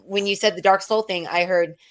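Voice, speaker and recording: A woman's voice: medium pitch, fairly even intonation, fairly quick. A middle-aged woman rambling through casual spiritual chat, acting out quoted people with sudden jumps in her voice. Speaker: spiritual medium and co-host.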